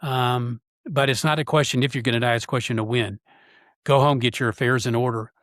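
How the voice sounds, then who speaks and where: A man's voice: mid-range voice, steady tone, fairly bright tone, dry recording, clean studio sound. Earnest man telling a hard story. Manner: halting and earnest, with frequent pauses and fillers. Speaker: podcast guest. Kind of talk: personal storytelling interview.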